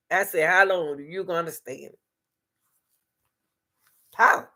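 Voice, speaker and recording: A woman's voice: low-pitched, measured pace, long pauses, sharp tone. A woman hosting a casual advice talk on relationships, emphatic and repetitive, speaking straight to her listeners.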